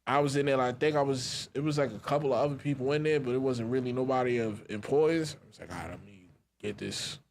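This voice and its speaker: A man's voice: mid-range voice, steady tone, fast talker, hardly any pauses, darkish tone. A man with a New York accent co-hosting a podcast, telling stories in a laid-back, casual way. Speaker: podcast co-host. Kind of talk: casual chat.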